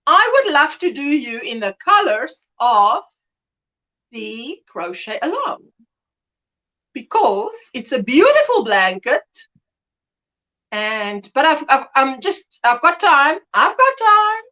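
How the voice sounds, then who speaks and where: A middle-aged woman chats on her livestream in a loose, rambling way, laughing often and acting out small scenes as she greets viewers. Her voice sits high, with a bright edge, and it swoops up and down. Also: very animated, slow, pauses often, muffled recording. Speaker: livestream host. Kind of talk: casual livestream chat.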